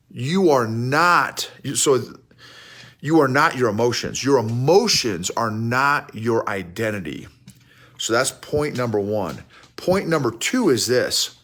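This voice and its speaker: A middle-aged man with a folksy, animated manner, talking to a phone camera outdoors in the snow and often restarting his words. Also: mid-range voice, slow pace. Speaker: leadership coach and podcast host. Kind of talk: casual outdoor talk to camera.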